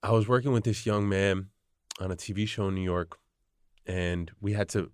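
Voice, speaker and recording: A man with a lowish voice hosts a podcast conversation, thinking out loud and telling a story. He stresses short, punchy phrases one after another. The sound is dry, with no room echo. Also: steady tone, moderate pace, clean tone. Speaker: podcast host. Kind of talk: casual conversation.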